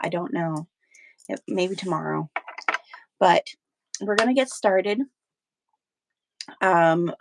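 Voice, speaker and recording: A woman's voice: on the low side, a little hiss or hum. A woman hosting a live sewing stream, chatting casually with viewers while she has the hiccups. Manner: chatty, many fillers and restarts. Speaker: sewing livestream host.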